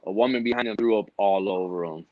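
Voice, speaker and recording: A man's voice: lowish voice, quick pace, dry recording. Laid-back man. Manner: laid-back, says bro a lot. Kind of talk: casual chat. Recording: dry, dull lo-fi sound.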